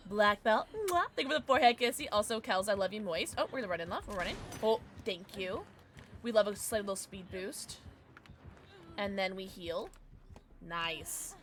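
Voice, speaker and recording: Excitable woman streamer with a lively voice. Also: medium pitch, moderate pace, a little hiss or hum. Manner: excitable, chatty, reacting to chat and gameplay. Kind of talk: casual gaming livestream chat.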